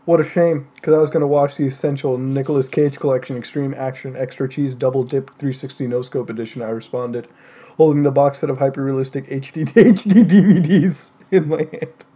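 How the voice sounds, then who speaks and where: A man's voice: medium pitch, fairly even intonation, brisk, dark tone, breathy edge. A man reading a joke story aloud with friends, breaking into laughter and swearing in exasperated asides. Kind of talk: comic read-aloud on a group call.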